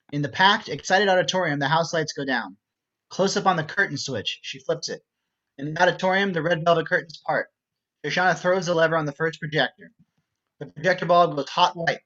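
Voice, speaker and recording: A man narrating screenplay stage directions in a steady, matter-of-fact way. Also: a little high, highs cut off.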